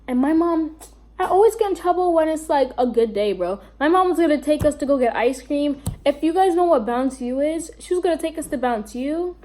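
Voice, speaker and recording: A woman's voice: sits high, lively intonation, a little fast, mellow, a little hiss or hum. A young woman with a New York accent telling a rambling storytime vlog, full of fillers and asides. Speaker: vlogger.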